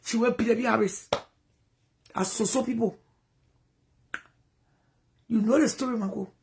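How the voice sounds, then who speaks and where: A woman with a Liberian English accent tells a personal story in an animated way, dropping to hushed asides and rising to loud outbursts. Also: on the high side, unhurried, creaky, background noise. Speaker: vlogger. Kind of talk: emotional storytelling monologue.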